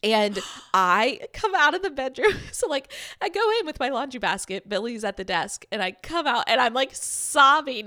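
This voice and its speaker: A young woman from Texas co-hosting a podcast, telling stories in a chatty, animated way and laughing often. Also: on the high side, moderate pace, few pauses, no echo, studio quality. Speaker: podcast co-host. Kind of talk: casual chat.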